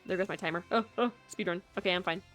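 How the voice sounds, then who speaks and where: A woman's voice: fairly low pitch, fast, fairly bright tone, faint music behind. A woman game streamer chatting casually in her bedroom, rambling and self-deprecating. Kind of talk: casual live-stream chat. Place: small bedroom. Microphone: streaming setup.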